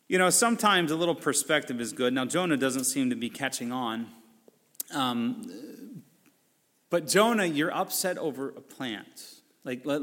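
A middle-aged male pastor giving a conversational sermon, slipping into lively, mocking voices when he quotes people. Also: medium pitch. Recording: long hall reverb.

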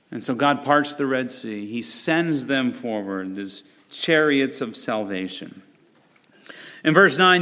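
A man preaching a sermon, animated and conversational, acting out voices and asides as he teaches. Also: mid-range voice, slow pace, big-room sound. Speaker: pastor.

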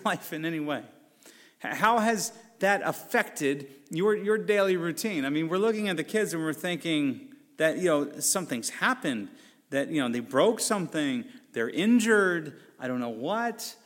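A middle-aged male pastor giving a conversational sermon, slipping into lively, mocking voices when he quotes people. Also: a little high, normal speed. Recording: long hall reverb.

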